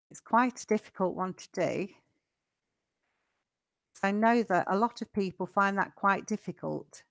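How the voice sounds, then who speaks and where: A woman teaching a live online English lesson, chatty and patient, slowing down so learners can follow. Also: medium pitch, vocal fry, no room sound, clean studio sound.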